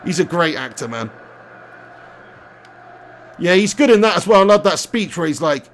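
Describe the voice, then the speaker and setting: A man's voice: high voice, animated, moderate pace, long pauses. A young man, a gaming streamer, chatting casually on a live stream, laughing often and reading out chat messages.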